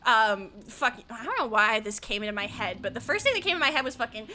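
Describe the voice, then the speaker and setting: A woman's voice: medium pitch, very animated, brisk, few pauses, bright, forceful tone. A young woman from the American South chatting casually with her stream audience while she plays a game, swearing freely and yelping when the game startles her. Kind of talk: casual chat while gaming.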